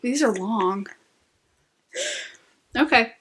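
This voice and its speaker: A young woman co-hosting a podcast, retelling a story in a casual chat with animated indignation and laughter. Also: fairly high pitch, extremely slow. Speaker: podcast co-host.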